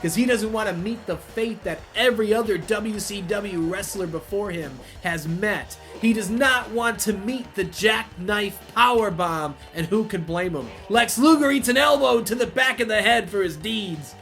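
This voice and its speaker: A man hosting a wrestling video game playthrough, chatting casually, laughing and swearing, then shouting play-by-play at the big moves. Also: high voice, normal speed, hardly any pauses, soft background music. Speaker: let's play host.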